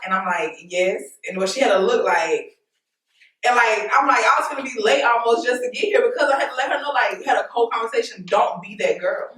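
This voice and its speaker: A woman hosting a casual group discussion, telling animated stories about her children and quoting their words. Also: fairly high pitch, fairly quick. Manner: animated storytelling, quoting family conversations. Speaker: host. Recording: echoey room, mic at a distance.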